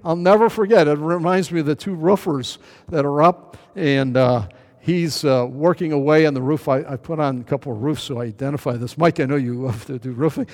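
A man with a fairly high voice teaches through a Bible passage in a loose, conversational way, full of fillers and restarts. He jumps into acted-out voices for quotes. The sound carries a long reverb. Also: fairly quick, darkish tone. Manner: chatty, anecdotal, many fillers and restarts; acts out quoted voices with big pitch jumps. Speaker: pastor. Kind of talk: sermon, verse-by-verse Bible teaching.

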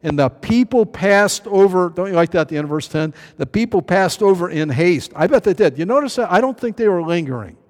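A man preaching a verse-by-verse Bible sermon in a chatty way, with many fillers and restarts, acting out quoted voices with big jumps in pitch. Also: lively intonation, brisk, few pauses, darkish tone. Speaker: pastor. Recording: long hall reverb.

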